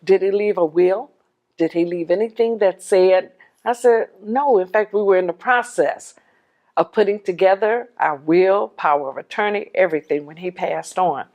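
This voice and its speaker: A middle-aged widow giving a personal testimony, telling her story in an animated way and acting out the dialogue. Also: fairly low pitch, moderate pace, muffled recording.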